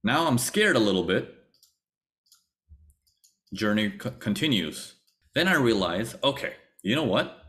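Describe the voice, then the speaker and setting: A man's voice: on the low side, a little slow, long pauses. A man teaching a trading webinar, telling his own story with acted-out thoughts and repeated phrases. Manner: animated storytelling, acts out his past thoughts. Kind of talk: webinar lecture.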